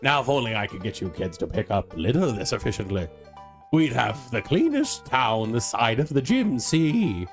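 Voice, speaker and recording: A man voicing an older, folksy male town mayor who speaks in a slow, hearty announcer manner. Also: mid-range voice, big pitch swings, soft background music. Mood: jolly.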